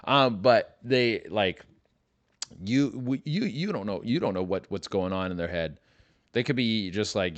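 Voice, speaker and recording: A young man with a lowish voice rants through a comedy podcast, swearing freely and slipping into quick mock voices. The sound is close and dry, with no room around it. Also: expressive, dry recording, highs cut off. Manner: loose, profane, riffing with mock voices. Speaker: podcast host. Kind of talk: casual comedic rant.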